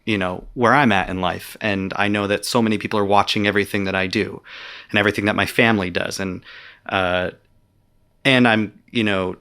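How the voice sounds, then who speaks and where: A man's voice: on the low side, fairly even intonation, brisk, bright, forceful tone, clean tone. A man, an author being interviewed, talking earnestly and reflectively with some hesitations. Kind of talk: conversational interview.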